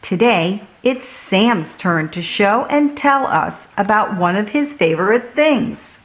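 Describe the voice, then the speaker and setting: A kind, calm teacher speaking to her class with steady reassurance, as a woman reads her aloud. Slow and warm storybook delivery. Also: medium pitch, poor audio. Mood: announcing.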